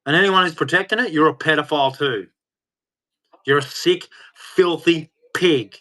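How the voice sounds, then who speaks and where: A man's voice: a little high, moderate pace, sharp tone. A man delivering an angry, heated rant, swearing and speaking with hard emphasis. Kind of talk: angry ranting monologue.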